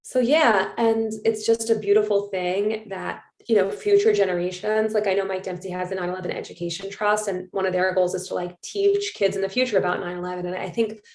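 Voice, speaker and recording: A woman's voice: mid-range voice, steady tone, a little fast, few pauses, darkish tone. A woman hosting a podcast, telling a story in a chatty, casual way full of fillers. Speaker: podcast host. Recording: roomy echo.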